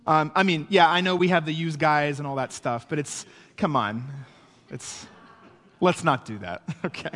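A man's voice: a little high, a little slow, long pauses, pushed and bright, long reverb tail. A man preaching a sermon in a conversational way, often checking in with his listeners. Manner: conversational preaching with frequent "right?" asides. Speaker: pastor.

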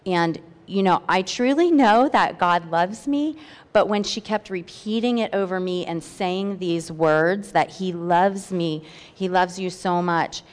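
A woman's voice: lowish voice, unhurried, big-room sound. A woman reading her personal testimony aloud at a church meeting, earnest and heartfelt, with hesitant fillers. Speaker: church member sharing a testimony.

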